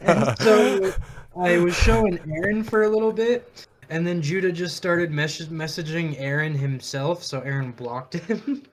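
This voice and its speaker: A man's voice: fairly high pitch, unhurried. Giggly young man in podcast banter. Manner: giggly, playful storyteller. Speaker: podcast co-host. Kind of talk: casual chat.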